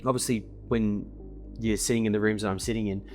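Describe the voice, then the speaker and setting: A man's voice: lowish voice, fairly even intonation, a little fast, darkish tone, faint music behind. A man, boasting and swearing in a casual monologue to camera from his desk, ending points with a pushy "okay?". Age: 20s. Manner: boastful and profane, keeps tagging "okay?". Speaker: email marketing business owner. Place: indoors at his desk in a villa.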